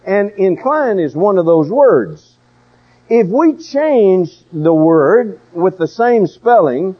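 A man's voice: high-pitched, lo-fi sound. An older man preaching a sermon in a folksy, emphatic way, with storytelling asides.

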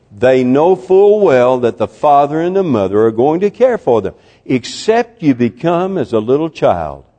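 Older preacher in a reverberant hall. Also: male voice. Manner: storytelling, swings from loud and high to hushed. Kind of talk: sermon.

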